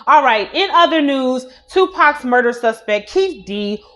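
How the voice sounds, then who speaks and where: Woman news host, fairly high voice, chatty, opinionated, casual commentary. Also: lively intonation, a little slow, fairly bright tone. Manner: chatty, opinionated, with many "you know" asides.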